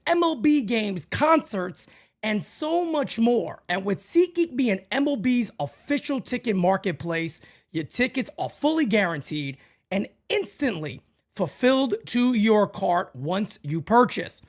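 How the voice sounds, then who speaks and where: A man calls a baseball game live for his stream, his voice swooping up in excited bursts and dropping low for quick asides. He talks into a desk microphone at home, casual and chatty with his viewers. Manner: animated, jumps between hype and low asides. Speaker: live baseball watch-party host. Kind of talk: live play-by-play commentary and sponsor read.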